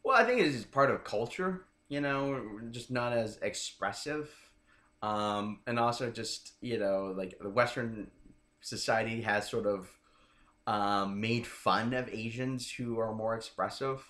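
A man's voice: lowish voice, a little slow, a bit bright. A man who coaches dating, talking casually as an interview guest and checking in with the listener as he explains. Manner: chatty, keeps checking in with "right?". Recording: roomy echoing room.

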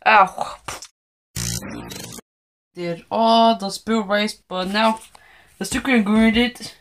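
A woman's voice: mid-range voice, steady tone, takes it slowly, a little hiss or hum. A woman vlogging a DIY food experiment at home into a phone camera, rambling and tacking guys or bro onto every sentence. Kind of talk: casual DIY food vlog.

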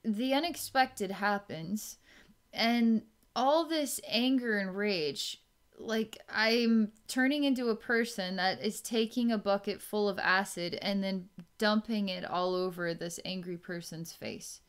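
A woman giving a psychic healing session, musing slowly and trailing off with fillers. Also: medium pitch, clear, resonant tone. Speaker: psychic energy healer.

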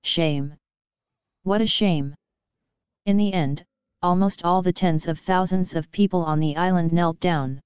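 Woman audiobook narrator, steady and even; low, crisp, dry voice. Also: moderate pace, no echo. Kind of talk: audiobook narration of a web novel. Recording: dull lo-fi audio with faint music.

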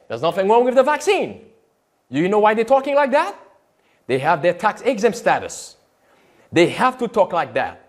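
A man, a pastor, giving emphatic sermon-style commentary on video clips, repeating quotes and firing rhetorical questions. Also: high-pitched.

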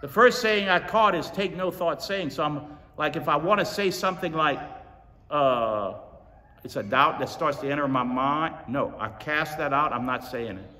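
Folksy pastor, bright voice. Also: male voice, a little high, moderate pace. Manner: folksy, storytelling, emphatic repetition. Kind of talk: sermon. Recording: reverberant hall.

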